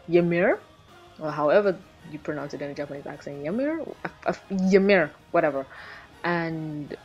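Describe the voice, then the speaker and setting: Animated woman reviewing anime, lo-fi sound. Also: on the low side. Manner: animated, rambling, swears casually. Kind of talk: casual episode review. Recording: dull lo-fi recording with faint background music.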